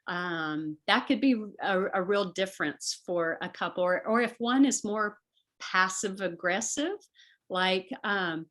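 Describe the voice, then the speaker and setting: A woman's voice: mid-range voice, measured pace, fairly bright tone. A middle-aged woman, a guest on a talk show, explaining in an earnest, conversational way and slipping into voices when she quotes people.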